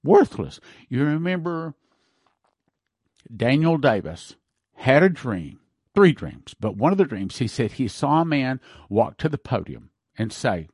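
A man's voice: mid-range voice, very animated, unhurried, darkish tone, breathy edge, no echo, clean studio sound. A man hosting a prophecy broadcast, preaching fervently and hammering his points with repeated words. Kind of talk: preaching talk with ad reads.

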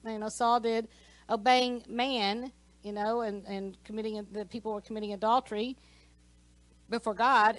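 A woman's voice: on the high side, dry recording, poor audio. A woman teaching a Sunday school class, telling a personal story in a conversational way with many asides. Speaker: church teacher.

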